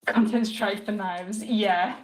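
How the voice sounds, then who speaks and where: A woman's voice: medium pitch, steady tone, takes it slowly. A woman live-streaming while cooking, chatting casually and giggling as she rambles to her viewers, picked up by a phone mic in an echoey home kitchen. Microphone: phone mic, moving around away from it. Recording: echoey room audio.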